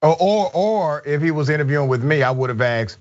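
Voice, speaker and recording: A man hosting a live online talk show, reading viewer comments with energetic, emphatic, repetitive delivery. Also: on the high side, fairly quick, highs cut off. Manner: energetic, emphatic, repeats himself. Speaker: show host.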